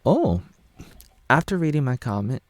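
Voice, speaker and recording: A man's voice: mid-range voice, sing-song, moderate pace, no room sound. A man in his thirties from Oregon, USA, rambling through a casual monologue and correcting himself as he reads his own posts aloud. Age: 30s. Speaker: vlogger.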